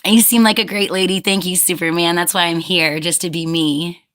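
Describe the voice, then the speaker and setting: A woman's voice: fairly low pitch, fairly even intonation, moderate pace, fairly bright tone. A woman hosting a casual livestream, reading viewer comments aloud, chatty and laughing often, firm with rude commenters. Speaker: livestream host.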